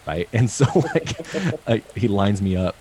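A man's voice: on the low side, lively intonation, measured pace, a little mellow. A man in his late twenties telling stories in a rambling casual chat, full of "like.". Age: 20s. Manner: rambling, many "like"s. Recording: noisy rain in background.

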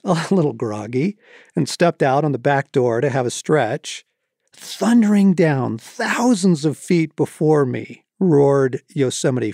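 A man's voice: mid-range voice, dark tone, dry recording, clean studio sound. A man reading aloud from his own book, reflective and reverent, with casual asides in between.

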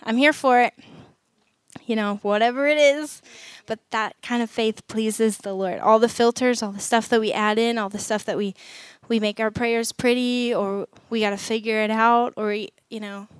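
A woman's voice: a little high, smooth, no echo. A woman giving an earnest, encouraging faith teaching. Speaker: speaker on family prayer.

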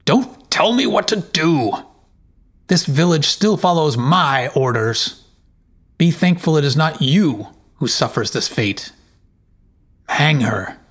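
A proud, suspicious old chieftain gives accusing commands at a slow, heavy pace, voiced by a man reading the tale. His pitch sits a touch above the narrator's own. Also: animated, slightly rough. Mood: commanding. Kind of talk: storybook reading.

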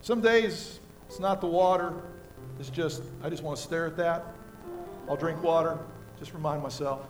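An older American pastor preaches in a high-pitched voice, telling homey stories and moving from hushed moments to loud peaks. Music plays clearly behind his sermon. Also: moderate pace. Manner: folksy storytelling with props, swinging from quiet to loud.

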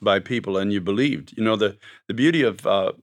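Guy hosting a faith talk, preachy, bit low voice. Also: fairly quick. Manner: preacherly, quotes scripture. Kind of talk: faith talk show interview.

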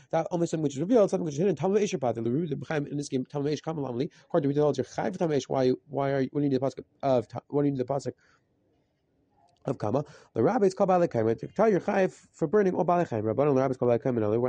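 A man giving a rapid Talmud lesson, reading through Aramaic text in a quick chant and translating it as he goes. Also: medium pitch, warm tone, no echo. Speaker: Talmud teacher. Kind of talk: rapid daf yomi lesson.

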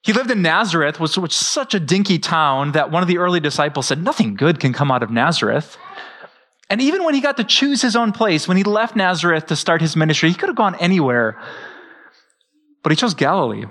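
A middle-aged man, preaching a sermon as pastor in a lively, joking way. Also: a little high, fairly quick. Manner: lively, joking, with frequent laughs.

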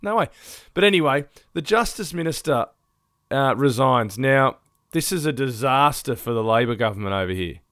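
Male podcast co-host, mid-pitched, sweary ranter, laughs through his lines, dry close mic. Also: animated, moderate pace, fairly bright tone, smooth, no room sound. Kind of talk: casual chat.

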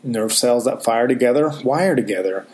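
A man giving a motivational self-help talk, earnest and emphatic, slowing down on key phrases. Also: medium pitch, darkish tone. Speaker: motivational speaker.

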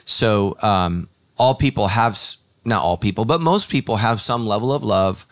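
A man's voice: fairly low pitch, lively intonation, moderate pace, no echo. A man, a pastor hosting a podcast, talking in a thoughtful, earnest way with many fillers and restarts. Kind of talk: casual podcast conversation.

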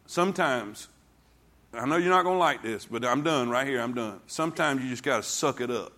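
Forceful pastor preaching. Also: male voice, mid-range voice, fairly quick. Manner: folksy storytelling, swings from hushed to shouting. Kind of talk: sermon. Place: church sanctuary before a congregation.

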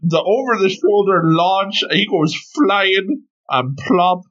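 A man's voice: sits high, animated, a bit bright. Joking man co-host on a dull mic. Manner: quick reactions and jokey asides. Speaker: podcast co-host. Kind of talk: casual podcast chat.

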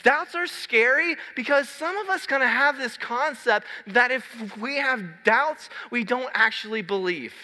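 High bright-voiced male pastor. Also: unhurried, hardly any pauses. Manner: storytelling, animated and conversational. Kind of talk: sermon. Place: large church hall. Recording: long hall reverb.

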